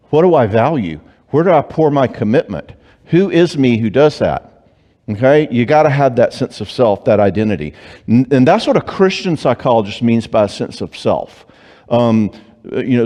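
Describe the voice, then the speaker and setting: A man, a Christian psychologist giving an animated, joking conference talk on marriage. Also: mid-range voice. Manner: animated, joking, acts out clients and spouses in quick voices. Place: church hall. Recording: long reverb of a church hall.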